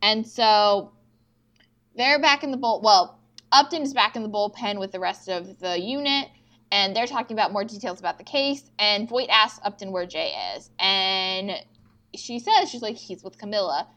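Her voice is medium in pitch and sharp in tone, moving at a moderate pace, as this young co-host animatedly recounts TV scenes on a casual podcast. She quotes the dialogue and swears often while recapping episodes.

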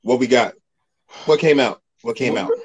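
A man's voice: medium pitch, normal speed, slightly rough, highs cut off. A man in his thirties hosting a podcast, talking bluntly and casually with a lot of swearing. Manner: blunt, profane, joking. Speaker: podcast host.

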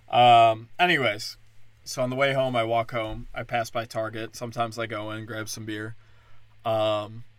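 A young man with a bright, forward voice tells long, profane stories in a loose, rambling way. His sound is dry and close to the mic. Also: medium pitch, dry recording. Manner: profane, rambling, animated storytelling. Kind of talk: casual storytelling rant.

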